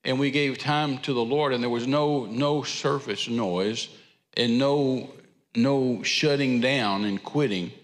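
A man's voice: medium pitch, slow, in a large hall. A man, preaching an informal, rambling sermon in a church and repeating phrases for emphasis. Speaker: traveling preacher. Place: church sanctuary.

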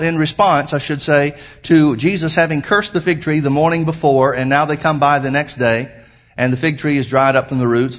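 A middle-aged pastor with a medium-pitched, fairly bright voice preaches a sermon. He drives his points home with rising emphasis, then drifts into a rambling personal story packed with fillers.

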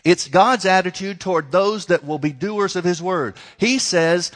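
A man's voice: high-pitched, a little slow, hardly any pauses, fairly bright tone. A male pastor preaching a sermon, emphatic and folksy, stretching key words and speaking straight to the congregation. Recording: long reverb of a large hall.

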